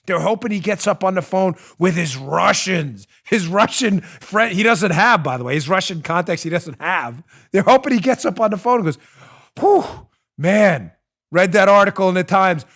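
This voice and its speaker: A man hosts his political show at a studio microphone, his voice sitting a little high. He talks in a sarcastic, mocking rush, punching some lines loudly and dropping others to a low mutter. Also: expressive, creaky. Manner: sarcastic, rapid-fire, mocking asides; swings between loud outbursts and low muttering. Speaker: political podcast host. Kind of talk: animated political commentary.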